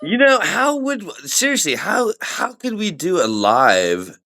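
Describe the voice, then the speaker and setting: A man's voice: high voice, very animated, measured pace, sharp tone. A man co-hosting a podcast, joking and rambling through casual chat. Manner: joking, rambling, goofing around. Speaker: podcast co-host.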